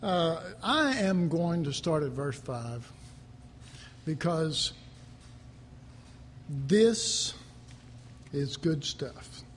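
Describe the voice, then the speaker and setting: A man preaching an informal sermon, chatting and joking between readings and rising to animated emphasis. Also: on the high side, drawn-out words, long pauses, long reverb tail, slight background noise.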